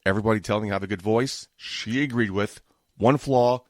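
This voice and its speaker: A man in his forties with a New York accent, hosting a casual solo podcast, talking fast and prone to mumbling and exasperated rants. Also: fairly low pitch, no room sound, studio quality. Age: 40s. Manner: fast-talking, tends to mumble and trip over words; exasperated ranting. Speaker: podcast host. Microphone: home podcast microphone setup.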